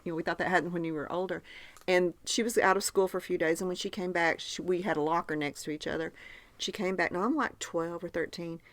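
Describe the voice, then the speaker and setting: A woman hosting a podcast tells stories in a chatty, easy way and steers the talk along. Her voice sits a little low, and it is recorded close and dry. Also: steady tone, fast talker, fairly bright tone, no room sound. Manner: chatty storyteller, leads the segment. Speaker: podcast host. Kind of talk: casual chat.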